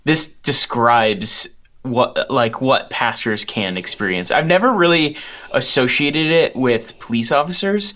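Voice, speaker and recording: A man's voice: mid-range voice, animated, unhurried, pushed and bright. Affirming male podcast co-host. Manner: affirming, backchannels often. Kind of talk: conversational podcast talk.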